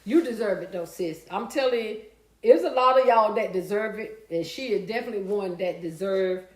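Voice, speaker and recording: A woman's voice: medium pitch, moderate pace, reverberant. A woman hosting a casual live stream. She reads out viewer comments, talks back to them, and now and then breaks into song and laughter. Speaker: livestream host reading viewer comments.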